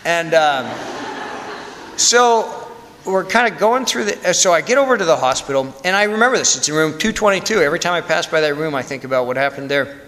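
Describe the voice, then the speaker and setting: Bright-voiced priest preaching in a reverberant church. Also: male voice, on the high side, animated, fairly quick, slight background noise. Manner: candid, conversational, self-deprecating humor. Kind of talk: storytelling sermon.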